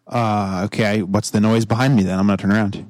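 A man's voice: on the low side, steady tone, brisk, darkish tone, no echo. A man playing a tabletop fantasy game, bantering and joking in a vain, playful way. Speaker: player. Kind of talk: casual tabletop play.

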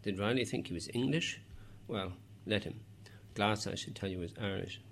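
A man narrates a novel in a measured, even storytelling voice. His pitch sits on the low side, and he drops in the odd wry aside to the listener. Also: a little hiss or hum. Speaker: audiobook narrator. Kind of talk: scripted narration.

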